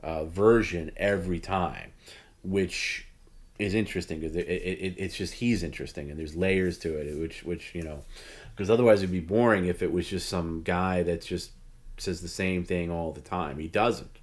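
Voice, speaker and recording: A man's voice: deep voice, steady tone, moderate pace. A man hosting a casual livestream chat, rambling with lots of "like" and "you know" and laughing often. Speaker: host.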